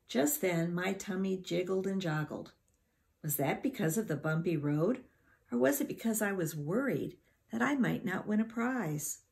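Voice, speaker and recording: A woman reads a children's chapter book aloud, taking her time over every sentence. Her low voice has a heavy gravelly fry, and her pace is very slow and deliberate. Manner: unhurried, expressive reading. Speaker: teacher reading aloud. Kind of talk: storybook read-aloud.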